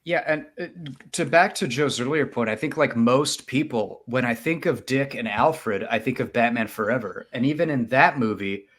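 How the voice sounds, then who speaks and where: A man co-hosting a podcast in loose casual chat. His voice sits in a middling register, and he rambles and restarts his sentences, getting animated when he jokes. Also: medium pitch, normal speed, hardly any pauses. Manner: rambling, self-interrupting, animated when joking. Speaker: podcast co-host.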